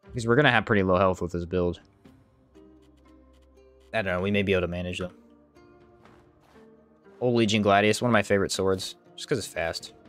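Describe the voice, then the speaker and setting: Brisk and fairly bright, with a clean tone and frequent pauses, a man gives casual live commentary while streaming a game over soft background music. He's chatty, reads the chat aloud, reacts to the gameplay, and his pitch leaps up when something surprises him.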